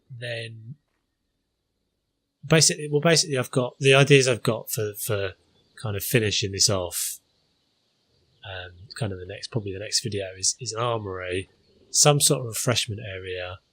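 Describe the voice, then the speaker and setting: A man's voice: medium pitch, a bit bright, husky. A man hosting a gaming channel, talking through his gameplay in a casual, hesitant way with many fillers.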